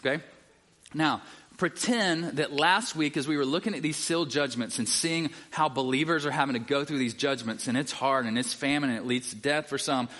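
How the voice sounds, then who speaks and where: A man's voice: medium pitch, pushed and bright. A man teaching a conversational sermon to a live church audience, reading scripture aloud and often checking in with his listeners. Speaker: Bible teacher.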